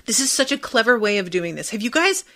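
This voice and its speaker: A young adult woman hosting a podcast, chatting excitedly about a TV episode, swearing freely and leaning on lots of "like" fillers. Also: fairly high pitch, quick pace. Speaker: podcast host. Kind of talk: casual commentary on a TV episode.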